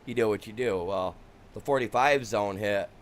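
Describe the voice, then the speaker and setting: A man's voice: on the low side, moderate pace. A man, streaming a farming game and telling rambling stories from his youth, full of restarts and "you know". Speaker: gaming streamer. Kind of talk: casual storytelling while streaming.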